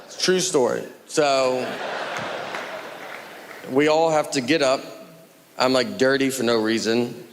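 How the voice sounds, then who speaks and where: A Southern man doing stand-up in a slow, deadpan drawl, his voice sitting in the middle of the male range. He tells stories to a live crowd, and the laughter and noise of the room come through clearly around his mic. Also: medium pitch. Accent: Southern American. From Tennessee. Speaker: stand-up comedian. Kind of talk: stand-up routine. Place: comedy club stage with laughing audience.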